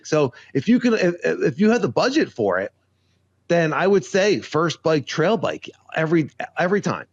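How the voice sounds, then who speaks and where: A man co-hosting a podcast in casual chat, animated and repeating himself, laughing often. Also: a little high, moderate pace, no room sound, lo-fi sound. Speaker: podcast co-host.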